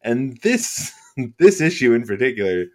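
A male guest writer joins a casual chat with an everyday mid-range voice. He speaks in a relaxed way, with some hesitations and fillers as he thinks aloud. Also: medium pitch, unhurried.

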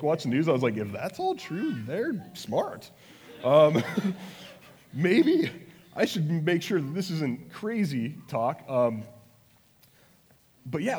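A man preaching a casual, chatty sermon as pastor, self-deprecating and now and then acting out prayers with sudden loud passion. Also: mid-range voice, slightly rough. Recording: long hall reverb.

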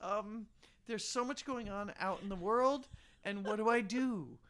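A woman's voice: mid-range voice, a little slow, a bit bright. A woman co-hosting a podcast in a studio, wry and joking, laughing often in casual chat. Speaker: podcast co-host.

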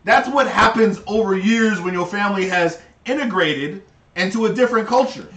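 Profane ranting man, high voice. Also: expressive, normal speed, fairly bright tone, recorded from a distance, a little hiss or hum. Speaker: stream co-host. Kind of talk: casual livestream chat. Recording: roomy, off-mic sound.

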